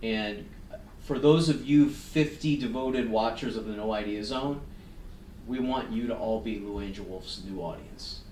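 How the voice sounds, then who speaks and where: A man's voice: fairly low pitch, unhurried, mellow, reverberant, far from the mic, a little hiss or hum, low-quality recording. A man hosting an interview show, introducing his guest with hammy enthusiasm. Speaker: podcast host. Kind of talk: casual interview.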